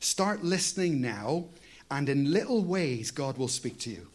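Pastor guy preaching, kinda high voice, chatty, keeps asking amen?. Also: very animated, unhurried. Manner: conversational preaching, prompting the congregation with "Amen?". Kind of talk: sermon.

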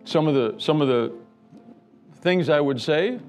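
Male pastor with a high voice, preaching emphatically in church, soft music underneath. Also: a little slow. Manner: emphatic, repeats words, builds with lists. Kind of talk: sermon. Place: church sanctuary.

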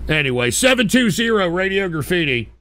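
Foul-mouthed ranting radio host, high bright voice. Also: male voice, lively intonation, normal speed. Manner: ranting, profane, exasperated, swears constantly. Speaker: call-in radio show host. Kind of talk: profane call-in radio rant.

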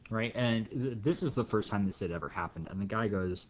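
A man teaches a math lesson as a jokey classroom lecture, using playful storytelling and acting out little scenes. His voice is on the low side and brisk with few pauses, and the highs are cut off.

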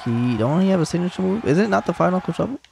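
A man giving casual, excitable commentary while playing a wrestling video game, teasing and talking to the characters on screen. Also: high-pitched, racing, vocal fry, noisy background. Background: game music.

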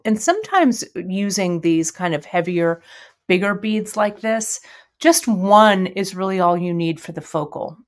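A middle-aged woman hosting a live jewelry-making stream, chatting with viewers in a friendly, rambling way full of fillers. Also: fairly low pitch. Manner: chatty, warm greetings to viewers, many fillers. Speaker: bead shop host. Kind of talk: casual live-stream chat and jewelry demo.

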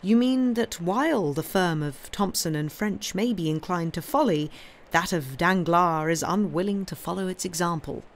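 A woman's voice: fairly low pitch, moderate pace, natural voice. A woman reading aloud, voicing a wealthy nobleman who speaks with cool, polished irony. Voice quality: smooth, coldly ironic. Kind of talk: reading a novel aloud on a livestream.

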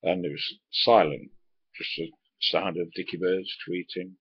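A man's voice: low voice, fairly even intonation, a little slow, husky, no room sound. A man, a former truck driver, tells a rambling anecdote, swearing casually and filling it with uhs and asides. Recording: dull lo-fi recording.

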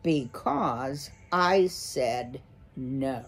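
A woman's voice: mid-range voice, animated, drawn-out words, a little mellow. A woman reading a storybook aloud, voicing a bossy, menacing male owl who demands and screeches impatiently. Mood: demanding.

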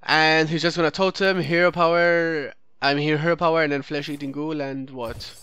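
A man's voice: fairly high pitch, fairly even intonation, normal speed, pushed and bright, smooth, no echo. A man narrating his own card game run as a let's play host, thinking aloud, correcting himself mid-sentence and picking apart his opponent's moves. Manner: critiques the opponent's plays. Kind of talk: gameplay commentary.

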